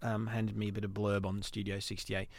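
A man's voice: on the low side, level tone, fairly quick, no echo. Chatty male radio host, dry studio. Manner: chatty and teasing, laughs easily. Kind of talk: casual radio chat.

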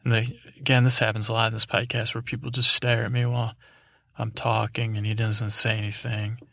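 Male podcast host, rambling bedtime storytelling, gravelly voice, dry close mic. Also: fairly low pitch, level tone, brisk, pushed and bright, no echo. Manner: meandering, hesitant, full of fillers.

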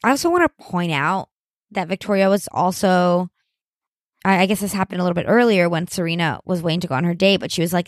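A woman's voice: fairly low pitch, quick pace, no echo, clean studio sound. A woman co-hosting a podcast in casual recap chat, blunt and casually swearing. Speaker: podcast co-host.

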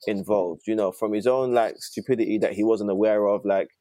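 A man's voice: fairly low pitch, fairly even intonation, a little fast, mellow, no room sound, clean studio sound. A young man as a podcast guest, talking earnestly and reflectively with many fillers. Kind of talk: reflective conversation.

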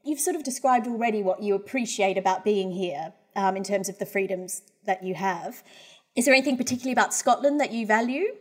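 A woman's voice: medium pitch, brisk. A woman hosting a podcast, asking friendly follow-up questions. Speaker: podcast host. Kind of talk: interviewing.

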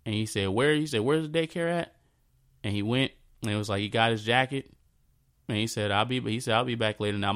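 A man in his thirties tells a personal story in a halting, repetitive way, often dropping into a soft, low voice. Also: smooth. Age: 30s. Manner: halting, repeats himself, drifts into a soft low voice.

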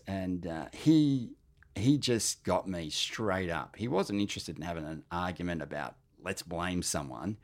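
Earnest Australian man in his fifties. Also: sits low. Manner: earnest, candid, halting with restarts. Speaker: cancer patient sharing his story. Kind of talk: personal testimony talk.

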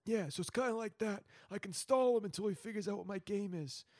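Casual improv co-host, man, light high voice, dry close mic, chatty and rambling. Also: fairly quick, dry recording. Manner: rambling, playful, plans out loud. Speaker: podcast co-host running the scene. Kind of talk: improvised tabletop role-play.

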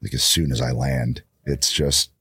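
A man in his fifties, a guest wrestler, chatting casually in a raspy morning voice. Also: fairly even intonation, a little slow, bright, forceful tone, dry recording, clean studio sound. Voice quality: deep and husky. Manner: laid-back, self-deprecating chat. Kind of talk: casual chat. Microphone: studio microphone.

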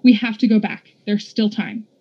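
A woman's voice: mid-range voice, normal speed, slightly rough, lo-fi sound, lightly acted. A woman reading a storybook voices an urgent, commanding young girl who is a mage and smith.

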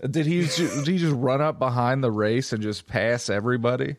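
A man casually telling a story in animated, profane chat with friends. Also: medium pitch, a little fast, dry recording, studio quality. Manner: animated, profane storyteller who acts out quotes.

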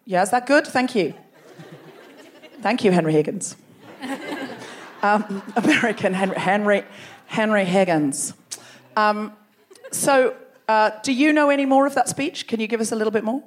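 A woman with a high, bright voice works a live theatre crowd as a comedy podcast host. She teases and banters with an animated delivery, speaking into a stage microphone. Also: moderate pace, pauses often. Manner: teasing, animated, laughing between jokes. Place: large theatre stage before a live audience.

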